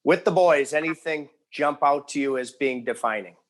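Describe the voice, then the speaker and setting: A man's voice: a little high, normal speed. A man hosting a podcast, asking a guest questions in a casual, conversational way. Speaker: podcast host. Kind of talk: interview questions.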